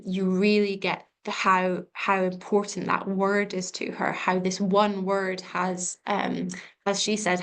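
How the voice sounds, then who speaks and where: A young woman talks through an exam revision lesson in an even, level voice that barely rises or falls. She hesitates often, filling gaps with ums and starting sentences over as she thinks aloud. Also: medium pitch. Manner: hesitant, many ums and restarts. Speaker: revision tutor.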